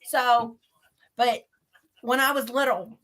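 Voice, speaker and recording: A woman's voice: on the high side, steady tone, slow, a bit bright. A woman from Pennsylvania, a paranormal investigator, chatting as a guest in a casual interview and laughing often as she tells stories.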